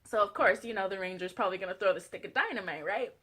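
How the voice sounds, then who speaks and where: A woman, a lay preacher telling a story in a casual faith testimony vlog. She talks quickly and tells the story with animation. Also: mid-range voice, slightly rough. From Southern United States. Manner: fast-talking, animated storyteller.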